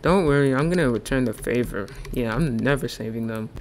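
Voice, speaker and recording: A man giving casual gameplay commentary and voice-over, prone to sudden excited outbursts. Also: mid-range voice, slight background noise. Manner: excitable, quick outbursts of exclamation. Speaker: gaming channel host. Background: background music.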